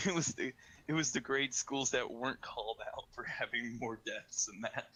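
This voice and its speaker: A man's voice: mid-range voice, moderate pace, husky, rough recording. A man hosting a casual podcast chat, joking darkly and laughing often. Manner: dark-humored, laughs often. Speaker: podcast host.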